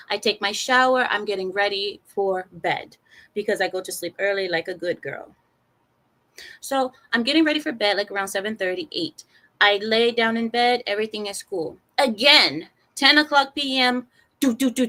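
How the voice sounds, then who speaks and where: Young adult woman, storytime vlogger; expressive and animated, does the other characters' lines in quick quoted voices; middle-pitched voice. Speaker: vlogger telling a personal story.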